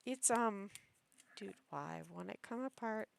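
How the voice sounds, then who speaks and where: A woman's voice: mid-range voice, a little slow, creaky, slight background noise. A young woman chatting casually to her viewers, gushing and squealing over cute little things. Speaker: vlogger. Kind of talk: casual chat.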